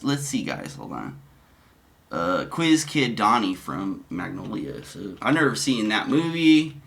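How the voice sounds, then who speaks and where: A man's voice: lowish voice, very animated, a little slow, gravelly, a bit bright. A man giving casual commentary, rambling and profane, often cutting himself off. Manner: profane, rambling, self-interrupting.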